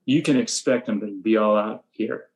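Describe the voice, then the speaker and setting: An older man and veteran baseball coach talks through his practice methods in a relaxed interview, matter-of-fact, and now and then he acts out the blunt lines he says to his players. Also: fairly low pitch, normal speed, creaky, poor audio. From USA. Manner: flat, matter-of-fact storytelling, acting out his own sharp coaching lines. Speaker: high school baseball coach.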